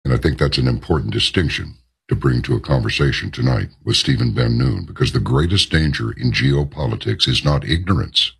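A man's voice: rumbling low, big pitch swings, brisk, creaky, a bit bright, slightly rough. A man hosting a talk radio show, delivering an emphatic, rambling monologue full of asides and rhetorical questions.

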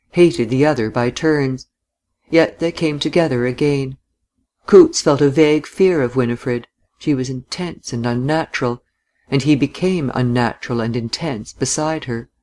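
A man reading a literary novel aloud in measured, scripted narration. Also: mid-range voice, darkish tone. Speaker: audiobook reader.

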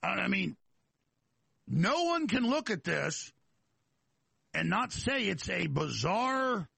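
Gravelly, high-voiced talk show host, rambling. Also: male voice, sharp tone, no room sound. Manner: rambling, emphatic, full of restarts and repeated words. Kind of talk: political talk monologue.

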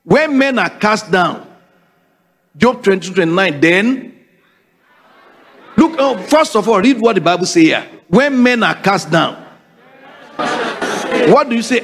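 A man's voice: high voice, animated, measured pace, long pauses, crowd noise, background noise. A man preaching a sermon, emphatic and repetitive, calling on the congregation to repeat after him. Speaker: pastor.

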